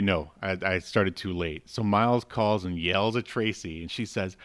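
A man's voice: fairly low pitch, unhurried, few pauses, a bit bright. A man co-hosting a podcast, casually and wryly picking apart a movie, often laughing and reading from his notes. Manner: wry, laughs, reads lines from his notes. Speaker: podcast co-host reviewing a movie. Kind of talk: casual chat.

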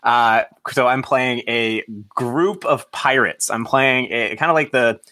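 A man's voice: mid-range voice, slow, pushed and bright. A man playing a tabletop game, chatting casually and eagerly tossing out ideas. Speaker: player.

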